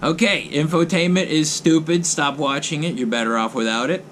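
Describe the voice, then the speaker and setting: A man's voice: a little high, moderate pace, fairly bright tone, a little hiss or hum. A man hosting his own vlog, ranting in blunt, mocking commentary and hammering phrases over and over. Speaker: vlogger host.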